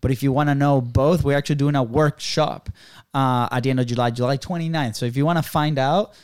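A man co-hosting a podcast, upbeat and quick to laugh, who walks listeners through numbered action points. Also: mid-range voice, fairly even intonation, a little mellow, clean tone, no echo, studio quality. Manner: upbeat, laughs easily, sums things up in lists. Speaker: podcast co-host. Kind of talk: casual podcast chat.

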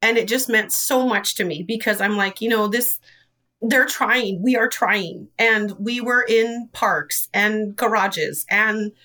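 Earnest, bright-voiced woman, a bit off-mic. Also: mid-range voice, slow, distant mic. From Idaho. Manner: earnest, emotional, storytelling with laughs. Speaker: dance studio director. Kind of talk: interview guest.

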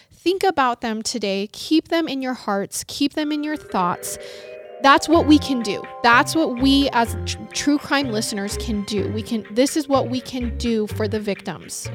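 A woman co-hosting a true crime podcast, narrating a case in an earnest, emotional way. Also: fairly high pitch. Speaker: podcast co-host.

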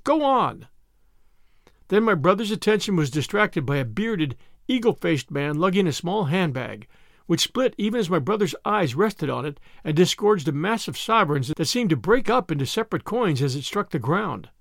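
Dramatic male storyteller for a classic novel; high, animated voice, dry studio booth. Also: moderate pace, vocal fry, dry recording. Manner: dramatic, expressive reading. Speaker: audiobook reader. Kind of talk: scripted narration of a classic novel.

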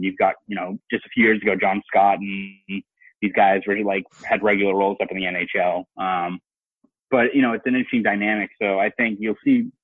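A fairly low-voiced man with a Boston accent, talking loosely and filling his sentences with "you know" as he chats about the game. His voice comes through a thin, phone-like line in a very dry sound. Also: husky, dry recording. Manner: rambling, many fillers like "you know". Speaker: guest, sports reporter. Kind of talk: casual podcast chat.

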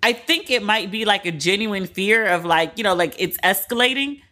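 A woman hosting a podcast, casually retelling celebrity drama in a candid, profane, animated way. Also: mid-range voice, moderate pace. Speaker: podcast host. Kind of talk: casual celebrity gossip commentary.

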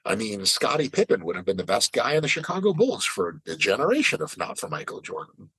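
A man with a slightly husky voice chats on a podcast, and his pitch swings up and down as he talks. He swears freely and slips into quick impressions of other people. The sound is dry and close. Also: huge pitch swings, fairly bright tone, dry recording, poor audio. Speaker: podcast host. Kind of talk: casual podcast conversation.

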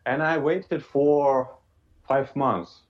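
A man with a Russian accent, a guest musician in a casual podcast chat, speaking halting English and searching for words. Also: medium pitch, steady tone, lo-fi sound.

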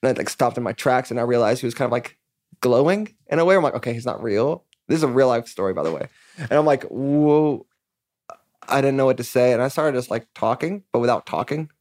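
Man, musician guest, rapid rambling storytelling, lots of fillers, mid-pitched. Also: expressive, a little mellow, no echo. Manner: rambling, filler-heavy, acts out quoted dialogue. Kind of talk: casual storytelling interview.

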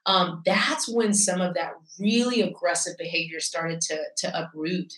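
A woman pastor speaks as a podcast guest, her voice sitting a little low for a woman. She tells her story in an earnest, frank, conversational way. Her voice is set back from the mic in a room with a lot of echo. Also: fairly even intonation, moderate pace, fairly bright tone, distant mic. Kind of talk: candid personal storytelling.

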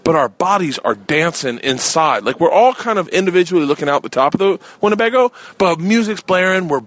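A man's voice: high-pitched, lively intonation, brisk, a bit bright, no echo. A middle-aged man hosting a podcast, telling a rambling, profane comic story in a casual way. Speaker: podcast host. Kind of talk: comedic storytelling.

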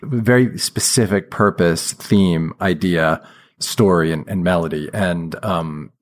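A man's voice: low-pitched, slow. Hesitant male interview host. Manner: hesitant, lots of fillers, admiring and probing. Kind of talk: conversational interview.

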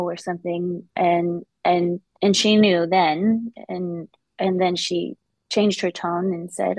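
Brief: candid woman guest, low gravelly voice, dry close sound. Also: flat delivery, dry recording, poor audio. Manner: reflective, openly vulnerable, halting restarts. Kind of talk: candid interview conversation.

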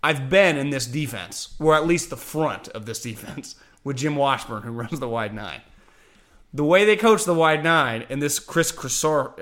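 A man in his thirties from Northern California, a former pro defensive lineman hosting casual sports talk, animated and blunt with frequent swearing. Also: on the high side.

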